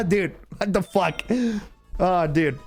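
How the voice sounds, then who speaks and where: Profane, animated man streaming a game. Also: fairly high pitch, a little fast, soft background music. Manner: profane, laughing, animated venting. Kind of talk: casual gameplay commentary with storytelling.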